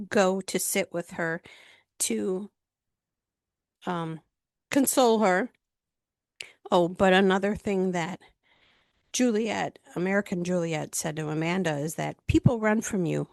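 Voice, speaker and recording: A woman's voice: fairly low pitch, creaky, dry recording, clean studio sound. A woman casually recapping a reality TV episode, retelling the scenes in a chatty way with lots of fillers.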